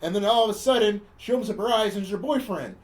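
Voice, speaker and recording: A man's voice: high voice, fast talker. A man hosting a podcast, casually retelling a movie's plot in a rambling, chuckling way. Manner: rambling, chuckling storyteller with restarts. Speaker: podcast host.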